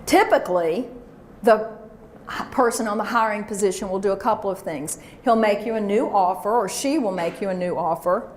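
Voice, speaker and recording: A woman's voice: mid-range voice, normal speed, a little hiss or hum. A woman leading a workshop, coaching a live audience with energy and call-and-response chants. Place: large room with an audience. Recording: echoey room recording.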